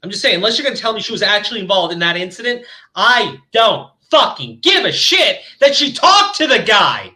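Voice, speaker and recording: A man's voice: high voice, very animated, brisk, hardly any pauses, bright, forceful tone. A man hosting a commentary show, ranting angrily and swearing heavily as he reacts to a video. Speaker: commentary channel host.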